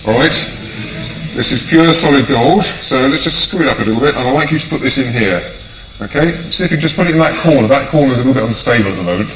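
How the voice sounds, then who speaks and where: A man's voice: mid-range voice, lively intonation, fast talker, fairly bright tone, distant mic. Brief: enthusiastic male lecturer on a hall stage, a little off-mic, faint hum behind. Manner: enthusiastic, addresses audience volunteers. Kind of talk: live science demonstration lecture. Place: lecture theatre with audience.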